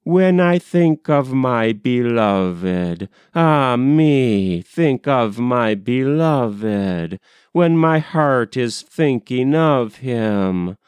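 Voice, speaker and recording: A young woman's mournful song for her departed lover, from a poem reading, carried by a tender, repeating refrain. A man reads it in his own voice. The pace is very slow and the tone is smooth and dry. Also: medium pitch, expressive, a little mellow, no echo.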